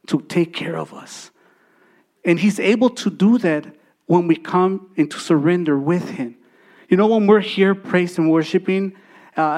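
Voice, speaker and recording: A man preaching a sermon as a pastor, emphatic, repeating phrases and swinging between loud and soft delivery. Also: fairly high pitch.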